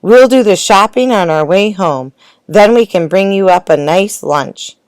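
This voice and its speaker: A woman voicing a bossy, cheerful father elephant who barks brisk orders at his family, in a storybook reading. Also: mid-range voice, a little mellow, smooth, no room sound, pitched above the performer's own voice, close to an everyday voice. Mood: jolly. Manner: brisk commanding, drill-sergeant orders.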